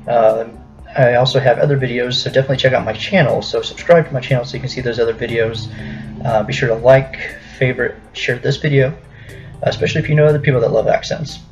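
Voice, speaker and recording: A man's voice: medium pitch, gravelly. A young American man hosting a casual vlog, talking with many ums and restarts. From United States. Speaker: YouTuber host. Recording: dull lo-fi with faint music.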